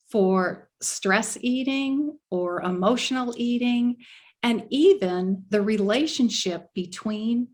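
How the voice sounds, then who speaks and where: A woman hosting an interview show, a life coach with an enthusiastic, effusive way of talking. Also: mid-range voice.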